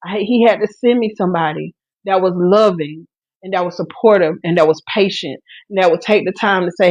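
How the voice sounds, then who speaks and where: A woman's voice: mid-range voice, fairly quick, no room sound, lo-fi sound. A woman hosting a live stream, preaching earnestly about faith and grief, with many restarts. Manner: speaks to listeners directly with encouragement. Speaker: podcast host on a live stream. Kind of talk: preaching testimony.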